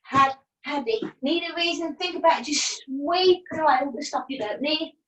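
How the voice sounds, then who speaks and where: A woman teaching a yoga class from home over a video call, giving calm breath cues with playful asides. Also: high-pitched, moderate pace. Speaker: yoga instructor. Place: at home, partner downstairs. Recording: roomy, distant from the mic.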